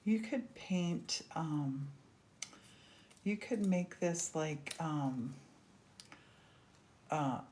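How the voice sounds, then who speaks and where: A woman's voice: low voice, lively intonation, drawn-out words, dark tone, slight background noise. A woman hosting a casual crafting demonstration, chatty and gushing as she works. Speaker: craft host.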